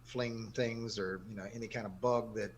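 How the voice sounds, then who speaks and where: A man on a podcast panel, talking in a relaxed, conversational way and pausing a little as he goes. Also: fairly low pitch, slight background noise. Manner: relaxed, conversational, a bit halting. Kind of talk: casual panel chat.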